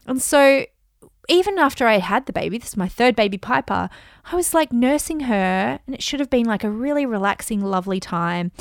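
A woman's voice: fairly high pitch, expressive, a little fast, gravelly, no echo, studio quality. A woman in her thirties from Australia, hosting a solo podcast and telling personal stories, acting out her own quoted thoughts. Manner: chatty storytelling with acted-out quotes. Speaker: podcast host.

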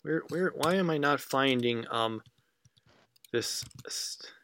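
A man's voice: mid-range voice, moderate pace, fairly bright tone, slight background noise. A young man co-hosting a casual podcast, recapping an episode in a rambling way with many fillers. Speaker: podcast co-host. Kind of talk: casual anime review chat.

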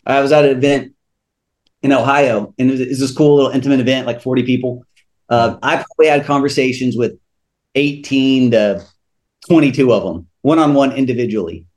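A man's voice: medium pitch, fairly quick. A man, a returning guest on a podcast, talking earnestly and telling stories about faith and money, often restarting his sentences. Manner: earnest, animated storyteller with frequent restarts. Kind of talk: faith-based podcast conversation.

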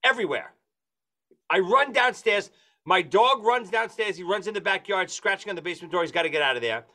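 A man telling a comic story among friends, acting out the voices of the people in it with shrill squeals. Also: lively intonation, fairly quick, bright, forceful tone. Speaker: podcast host telling a story.

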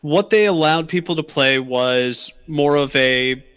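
Easygoing male podcaster, bright and forward voice. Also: fairly high pitch, a little slow, clear, resonant tone. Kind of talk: casual podcast chat about games.

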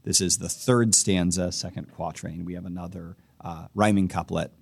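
Deep, gravelly-voiced man. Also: fairly even intonation, moderate pace, a little mellow, no room sound. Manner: thoughtful, frequent ums and uhs. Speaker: podcast host. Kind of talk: poetry reading and analysis.

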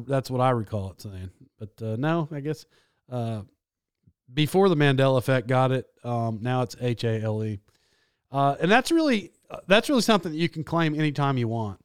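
A man's voice: on the high side, clean tone, no room sound, clean studio sound. Rambling, self-correcting man. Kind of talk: casual monologue.

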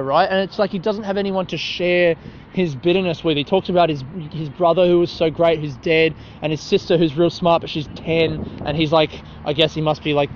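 His voice a little high, a young man hosts a meandering solo podcast into his handheld phone on a city street after dark, swearing, ribbing himself and laughing at his own jokes. The phone recording sounds dull, with faint traffic and passers-by in the background.

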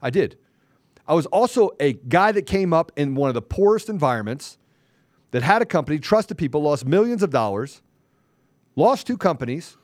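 Combative high-voiced man ranting. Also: very animated, moderate pace, darkish tone, no echo, studio quality. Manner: combative, confrontational, taunting; curses mildly, repeats phrases for emphasis. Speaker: podcast host. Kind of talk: heated podcast rant.

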